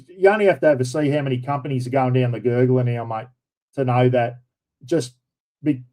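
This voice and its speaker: Aussie bloke yarning away casually, slightly high voice, rambly and matey. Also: male voice, a little mellow, low-quality recording. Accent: Australian. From Australia. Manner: blokey, rambling, says "mate" and "bloody" often. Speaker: livestream host. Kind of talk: casual chat.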